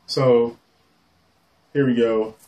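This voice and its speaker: A man casually showing off his comic collection on camera, rambling excitedly and swearing casually as he goes. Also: mid-range voice, extremely slow, dull audio. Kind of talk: casual show-and-tell.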